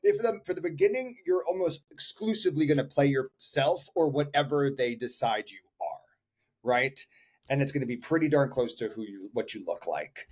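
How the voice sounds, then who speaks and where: A man and actor co-hosting a podcast, telling a story in an animated, playful way. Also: mid-range voice, moderate pace. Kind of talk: casual storytelling chat.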